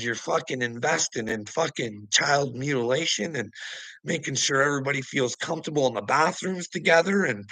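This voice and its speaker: A man's voice: medium pitch, sharp tone, dry recording, low-quality recording. A man from Canada, ranting profanely at his viewers about politics and laughing between points. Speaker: vlogger. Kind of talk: angry political rant to viewers.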